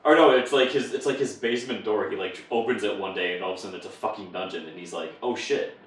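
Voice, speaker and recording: A man's voice: on the low side, fast talker, a little hiss or hum. A man co-hosting a podcast in casual chat, joking, swearing freely and often laughing. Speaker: podcast co-host. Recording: echoey room, far from the mic.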